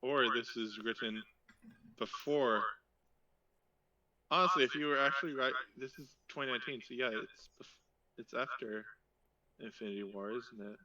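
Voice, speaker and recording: A man's voice: medium pitch, moderate pace, long pauses, pushed and bright. A man rambling and thinking aloud in casual chat, swearing now and then. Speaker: co-host. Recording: dull lo-fi mic.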